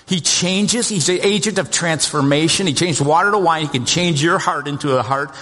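A man's voice: on the high side, moderate pace, bright, forceful tone. A man preaching a sermon as pastor, earnest, with repeated words and restarts as he goes. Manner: earnest, repeats words, quotes scripture in small voices. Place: church sanctuary. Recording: long hall reverb.

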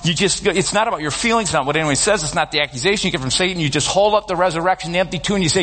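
A man preaching a sermon as pastor, talking in a relaxed conversational storytelling way. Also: sits high, fast. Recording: long reverb of a large hall.

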